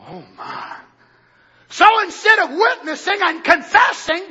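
A man preaching a sermon, swinging from low murmurs to loud shouted lines. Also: lively intonation, unhurried, highs cut off.

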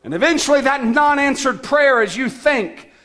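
A man preaching a sermon as pastor, emphatic, with shouted calls to action and sudden soft, low passages. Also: animated, moderate pace.

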